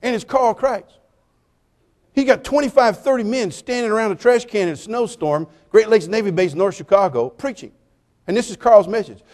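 A man preaching a sermon, telling jokey stories with lively swings between loud punchlines and quiet, earnest appeals. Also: high voice, normal speed. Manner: animated, joking storytelling with sudden drops to quiet appeals.

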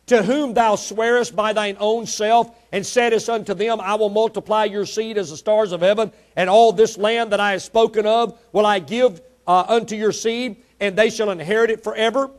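A man preaching a sermon, emphatic, quizzing the congregation and swinging between soft asides and loud peaks. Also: sits high.

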